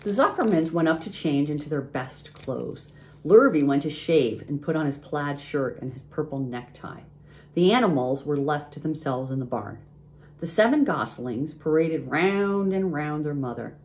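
A woman reading a children's book aloud, expressive and pausing to point out the pictures. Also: deep voice. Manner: expressive, pauses to show pictures. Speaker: reader.

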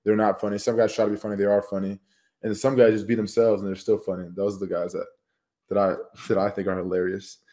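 A young man in his twenties, co-hosting a podcast in relaxed, slangy and profane casual chat. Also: lowish voice, fast talker. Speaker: podcast co-host.

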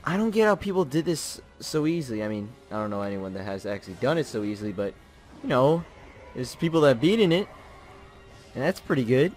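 A young man playing a video game and commenting as he plays, muttering pep talks to himself and repeating words in quick bursts. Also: medium pitch, sing-song, faint music behind. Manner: swings from muttered self-coaching to yelling in frustration. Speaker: gaming channel host. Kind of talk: live gameplay commentary.

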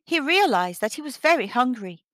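A woman reading a children's picture book aloud, with expressive storytelling. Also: sits high, normal speed, no room sound. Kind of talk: children's read-aloud narration.

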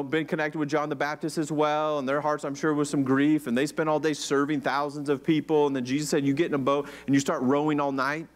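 In a church, an American pastor with a slightly high voice delivers his sermon in a relaxed, conversational style. He frequently puts questions to his congregation.

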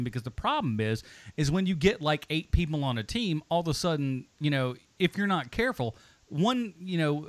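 A man with a fairly high-pitched voice co-hosts a movie podcast, rambling and joking in casual chat. He's animated, drifting into jokey asides, and the recording has no echo.

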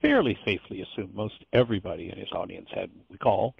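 Male course teacher, husky and gravelly, earnest and digressive delivery; dull lo-fi call sound. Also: on the low side, lively intonation, quick pace, no room sound. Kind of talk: informal course lecture.

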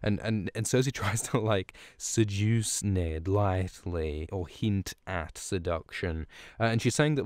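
A male podcast host rambles through a profane, casual recap, stumbling and restarting as he goes. His voice is low and smooth, and it sits close and dry on the mic. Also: a little slow, darkish tone, dry recording. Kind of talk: casual recap of a book chapter.

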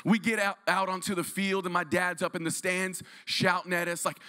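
A man's voice: sits high, normal speed, faint music behind. A man from Texas preaching as a guest pastor, telling stories energetically and calling for responses from the congregation. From Dallas-Fort Worth, Texas. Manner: energetic, storytelling, audience call-and-response. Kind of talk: sermon. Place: large room used as church.

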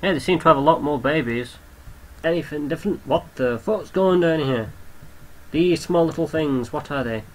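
A man's voice: on the high side, moderate pace, slight background noise, rough recording. A young man giving casual gameplay commentary, chatting to the creatures on screen and swearing offhandedly. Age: young adult.

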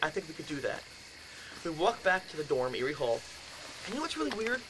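Guy in his 50s spinning a ghost story for a crowd, high voice, acts it all out, lotta room noise. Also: a little fast. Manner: animated, acts out his own past voice with shouts and laughs. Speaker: speaker telling a ghost story. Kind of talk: animated storytelling lecture. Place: lecture in a house. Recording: noisy room recording.

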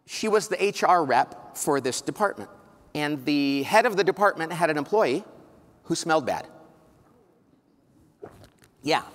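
A middle-aged man delivers a conference keynote in a big hall, his fairly high voice trailing a long reverb. He tells anecdotes with energy and slips into quick impressions of the people he quotes. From California. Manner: animated storytelling, acts out quoted voices. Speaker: keynote speaker. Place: large conference hall with live audience.

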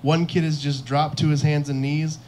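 A man's voice: a little high, little pitch movement, moderate pace, darkish tone, a little hiss or hum. A young man doing a stand-up comedy set on a club stage, telling self-mocking stories and acting out the lines of the people in them. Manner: self-deprecating storytelling, acts out quotes.

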